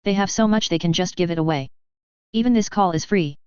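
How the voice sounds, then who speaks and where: A woman voicing an excited, naive young male alien office worker, low and smooth in a slightly dull recording. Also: fairly quick, no echo, lightly acted. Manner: excited, bubbly.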